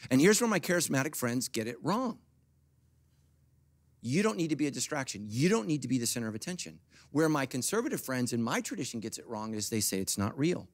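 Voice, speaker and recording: Delivering his sermon, the middle-aged pastor swings from hushed, intimate asides to loud, high-pitched outbursts, with no echo in the recording.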